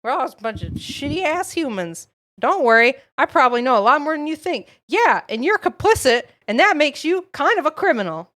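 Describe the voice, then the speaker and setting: Woman streamer, slightly high voice, going hoarse, animated and swearing, reads game lines aloud. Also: normal speed, hardly any pauses. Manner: animated, swearing, mock-angry. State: losing her voice. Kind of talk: live gameplay commentary, reading game text aloud.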